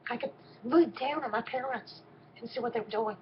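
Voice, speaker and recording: A woman's voice: a little high, fairly quick, lo-fi sound, slight background noise. A woman gives an emotional personal faith testimony, often stopping and repeating her words. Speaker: storyteller.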